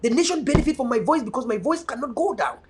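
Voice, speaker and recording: A man's voice: very high voice, sing-song, fast talker, slight background noise. A young man speaking as an activist and online media host, delivering a fervent, emphatic political monologue with repeated restarts. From Cameroon, North West (Bui).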